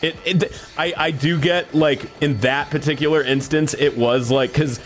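A man's voice: fairly high pitch, fairly even intonation, moderate pace, fairly bright tone, faint music behind. A man on a live stream telling a long story in a casual way, swearing a lot and acting out the people he quotes.

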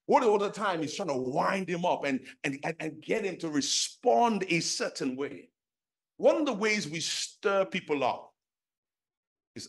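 Middle-aged male preacher from London, a touch high, animated storyteller who voices the people in his story. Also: unhurried. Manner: animated storytelling, acts out dialogue, many fillers. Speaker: pastor. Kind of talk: sermon with personal story.

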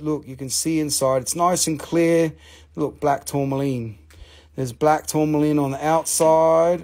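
A man hosting a live mineral sale, who gushes over each specimen in excitable, profane talk. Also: a little high. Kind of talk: live-stream sales talk.

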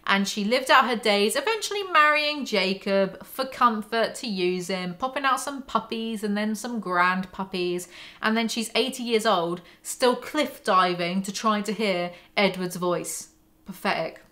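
Bright-voiced snarky woman reading. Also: medium pitch, measured pace. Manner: sarcastic, mocking asides between readings. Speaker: book commentary host. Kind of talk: snarky book breakdown, reading aloud.

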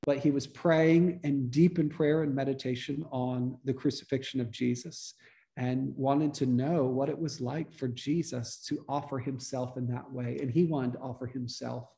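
A man, a priest, giving a relaxed, conversational teaching talk to a church study group, restarting his sentences often. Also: medium pitch, normal speed, vocal fry. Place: church meeting room.

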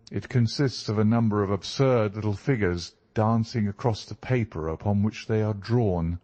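A man's voice: on the low side, darkish tone, no echo, muffled recording. A man voicing a brilliant male detective who lectures in a precise, superior way.

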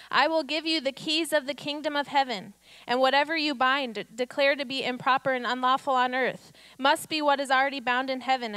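A woman's voice: high-pitched, a bit bright, dry recording. A woman pastor delivering a conversational sermon, reading scripture and building to emphatic declarations.

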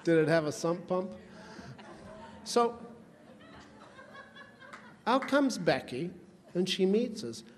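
Man, higher-pitched voice, folksy rambling roast stories, long hall reverb, faint noise. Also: very animated, slow, long pauses. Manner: folksy, rambling anecdotes with teasing asides. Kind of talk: comedic roast storytelling.

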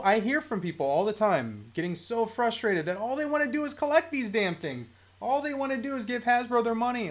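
A man hosting a casual livestream, ranting with frustration and reading viewer comments aloud. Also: high-pitched. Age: adult, works a day job. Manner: animated, ranting, reads chat comments aloud. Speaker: toy collecting livestream host.

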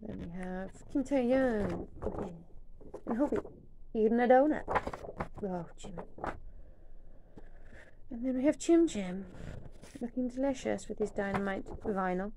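Young woman, casual unboxing chat, gravelly voice, faint hiss behind. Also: mid-range voice, unhurried, pauses often. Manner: chatty, swears, drops into whispers. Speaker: vlogger.

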